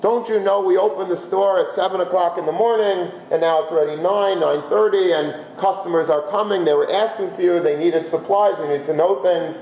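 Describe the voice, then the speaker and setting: A man voicing a middle-aged shopkeeper's wife who scolds her husband with rapid-fire questions. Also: sits high, steady tone, reverberant, highs cut off, a little hiss or hum, lightly acted. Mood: exasperated.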